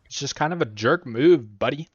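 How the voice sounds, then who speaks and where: A man chatting loosely with his stream while he plays, wandering from thought to thought with a joking, bantering tone. His pitch sits in an ordinary middle range. The audio is dull and a bit lo-fi. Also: animated, moderate pace, husky, dry recording. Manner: rambling, joking, talks to chat and scolds the monster. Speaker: game streamer. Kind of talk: casual live-stream chat while playing.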